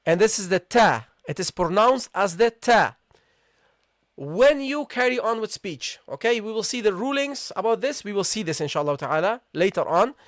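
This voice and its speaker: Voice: mid-range voice, animated, moderate pace, no echo, clean studio sound. Patient teacher who keeps saying okay. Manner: patient, repeatedly checks in with "okay?" and "guys"; repeats key points and asks the class questions. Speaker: Arabic teacher. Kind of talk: live online language lesson.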